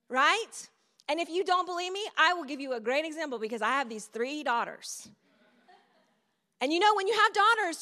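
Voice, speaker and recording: Lady preaching, high bright voice, chatty storytelling, big reverby hall. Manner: storytelling, conversational with audience asides. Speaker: speaker at a church event. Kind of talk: sermon.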